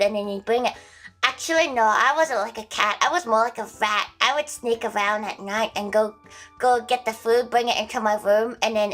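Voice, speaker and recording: A woman's voice: on the high side, a bit bright. A young woman livestreaming, chatting casually with viewers in a playful, giggly, chaotic way with crude jokes.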